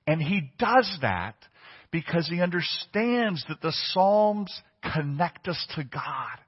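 Husky-voiced pastor preaching in a hall. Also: male voice, fairly high pitch. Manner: conversational preaching, asks the congregation questions. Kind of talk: sermon. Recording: long reverb, dull lo-fi sound.

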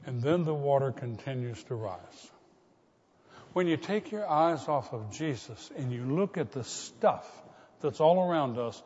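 A man preaching a sermon as pastor, dropping to hushed tones and rising to loud calls. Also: fairly high pitch. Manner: dramatic shifts from hushed to loud. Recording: muffled sound with long hall reverb.

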